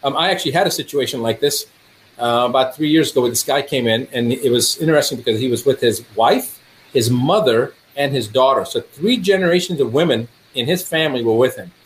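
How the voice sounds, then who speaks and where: A man's voice: a little fast, a little hiss or hum. A man, a doctor, telling stories in conversation, acting out dialogue with a rising voice. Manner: animated, acts out dialogue with rising pitch. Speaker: doctor guest. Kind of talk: storytelling in conversation.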